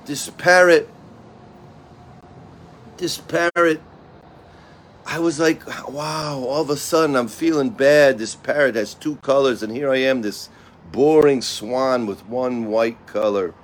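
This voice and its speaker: A man voicing a swan in a fable who feels plain and envious, in a subdued, low-key voice. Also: slow, long pauses, lightly acted. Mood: glum. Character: gloomy swan, once proud, now envious.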